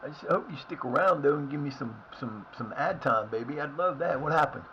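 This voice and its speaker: A fairly high-voiced man with a drawl narrates his football management game live on stream. His pitch swings wildly as he shouts and swears at his players. A faint background hiss sits under the recording. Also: fairly quick, muffled recording. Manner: animated, swears, yells at the game. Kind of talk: live gameplay commentary.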